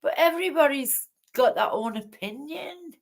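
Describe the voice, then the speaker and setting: A woman with a high, gravelly voice and lively intonation talks at normal speed during her late-night home livestream. Rambling and indignant, she greets her viewers by name as she chats.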